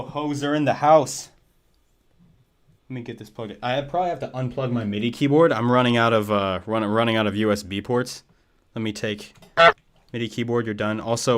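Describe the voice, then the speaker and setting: A man hosting a music production livestream, thinking aloud and interrupting himself casually. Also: on the low side. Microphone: desk USB microphone.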